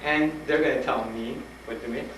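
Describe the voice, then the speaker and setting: A man speaking to students, telling a personal story with animated retellings and frank urging. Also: medium pitch, moderate pace. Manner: animated, acts out dialogue, laughs often. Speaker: guest speaker at a school. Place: school hall with an audience. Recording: roomy old tape from a distant mic, noisy.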